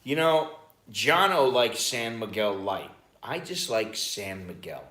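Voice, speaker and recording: An American vlogger streams from his Bangkok home, rambling casually with some cursing in a fairly low, sing-song voice that's a bit bright. He takes his time speaking, and the room gives off a roomy echo.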